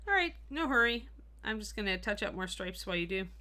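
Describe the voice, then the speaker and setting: A woman's voice: medium pitch, animated, a little fast, pushed and bright. A woman hosting a live miniature painting stream, talking casually and thinking aloud with plenty of fillers.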